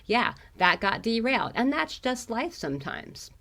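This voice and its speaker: A woman's voice: fairly high pitch, sing-song, normal speed, creaky, fairly bright tone. A woman co-hosting a podcast in easygoing casual chat, sounding a little nasal from a chest illness. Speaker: podcast co-host.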